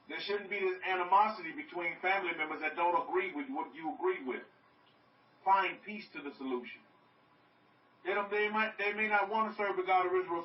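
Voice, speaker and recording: Animated man teaching a congregation. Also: high voice. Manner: animated, repeats phrases, asks the listeners questions. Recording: roomy, distant, dull.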